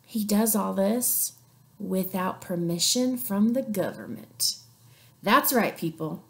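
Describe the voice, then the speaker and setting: Woman teacher, playful history lesson, sarcastic asides, high voice, very lively pitch. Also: a little slow. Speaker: sixth grade teacher.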